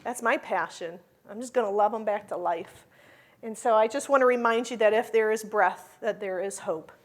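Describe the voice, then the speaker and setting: A woman's voice: medium pitch, moderate pace. A woman speaking at a conference about the school she founded. She talks in a chatty, heartfelt way, with many fillers and frequent laughter. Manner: heartfelt, emotional in places. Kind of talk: conference talk.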